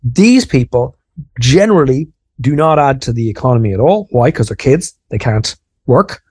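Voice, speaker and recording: A man's voice: medium pitch, animated, normal speed, a little mellow, breathy edge, dry recording, studio quality. An Irish man co-hosting a podcast, talking casually and self-deprecatingly, explaining ideas with lots of restarts. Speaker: podcast co-host.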